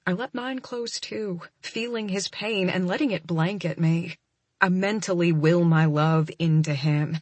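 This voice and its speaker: A young woman reads a romance audiobook in the first person, softly and with feeling, her voice often dropping close to a whisper. Her tone is lowish and husky with a breathy edge. The recording is dry and close, with no room sound. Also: measured pace, no room sound. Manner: soft, breathy and emotional, often near a whisper.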